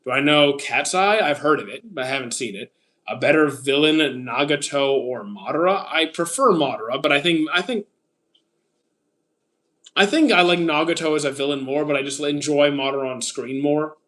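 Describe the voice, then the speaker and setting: With a fairly high, fairly bright voice and a moderate pace, this thirtysomething Canadian streamer casually reads out what viewers ask. His answers are brief and peppered with "uh."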